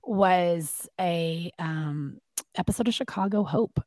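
A woman co-hosting a podcast, telling stories in a casual, animated way and acting out what people said. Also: lowish voice, slow, slight background noise. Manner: animated storyteller, acts out quotes. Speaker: podcast co-host. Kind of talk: casual chat.

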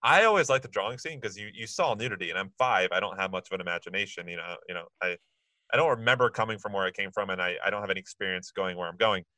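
Male co-host, 30s, fast, joking storyteller, bright lowish voice, dry close mic. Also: no room sound, rough recording. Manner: quick, joking, animated storytelling. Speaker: podcast co-host. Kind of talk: casual chat.

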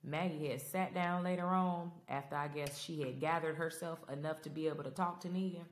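Speaking low and fairly quickly, a podcast host recaps a TV finale, talking to her listeners in a Black style. She's casual, emotional and expressive, rambling as she addresses them directly.

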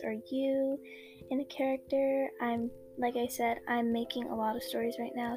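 A young woman casually chatting and reading her own fan story, hesitant with many ums. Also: fairly high pitch. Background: background music.

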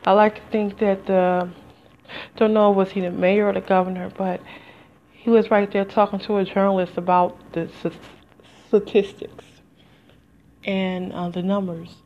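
A woman's voice: medium pitch, level tone, a little slow, a little hiss or hum. A woman speaking in a heartfelt, rambling solo podcast monologue straight to her listeners. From United States. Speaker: podcast host. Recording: slightly dull lo-fi home recording.

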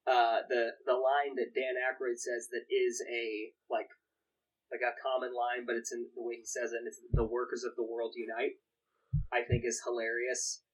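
This young adult man speaks in a monotone at an ordinary pace, his medium-pitched voice captured on a low-quality recording. As a podcast co-host in casual conversation, he rambles about a movie he adores, restarting sentences and quoting its lines.

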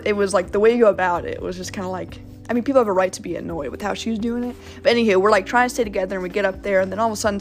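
A young woman hosting a podcast, telling a travel story in a rambling, casual way with plenty of swearing. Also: fairly high pitch. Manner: rambling, profane, animated retelling. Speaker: podcast host.

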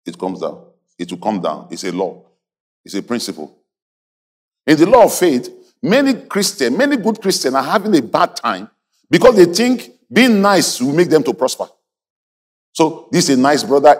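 Animated preacher man, lively pitch. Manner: animated preaching, mimics congregants, leads call-and-response. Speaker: pastor. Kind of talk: sermon.

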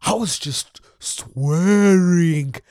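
A man with a South African accent telling a comic story in an animated way, dropping in Xhosa exclamations. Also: high-pitched, extremely slow, no room sound, studio quality.

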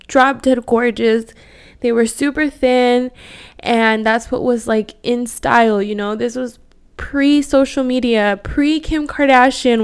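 A woman's voice: a little high, clean tone. A woman in her thirties, a podcast host, talking candidly and from the heart in a personal monologue, full of fillers. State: voice cracking with emotion.

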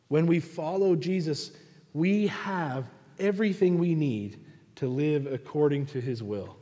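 Slow, mellow-voiced male pastor preaching. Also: a little high, very animated, big-room sound. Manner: acts out pleading prayers in a raised voice, then answers softly. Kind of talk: sermon. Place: church sanctuary.

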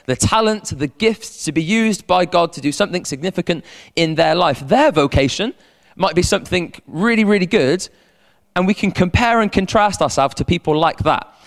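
A man preaching a sermon as a pastor, animated, repeating words and calling on the congregation to respond. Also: sits high. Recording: long hall reverb.

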